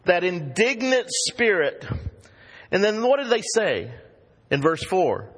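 A man preaching a sermon as pastor, emphatic and animated, acting out the voices he quotes. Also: high-pitched, slow, husky. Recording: long reverb of a hall.

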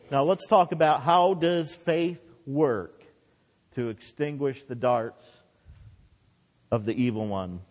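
A man's voice: mid-range voice, a little mellow, in a large hall. A man preaching a sermon with impassioned delivery, his voice rising and dropping for emphasis.

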